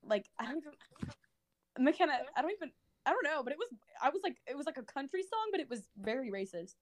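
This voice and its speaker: A young woman co-hosting a podcast, telling a story in a lively way with lots of filler words. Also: sits high, brisk, no echo, studio quality. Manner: animated storytelling with many fillers. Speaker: podcast co-host. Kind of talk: casual chat.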